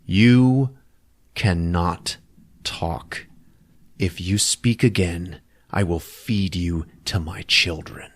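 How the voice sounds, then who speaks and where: A man voicing a blunt, gruff male mountain tribe chief while recapping a film on a podcast. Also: sits low, extremely slow, exaggerated voice. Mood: menacing.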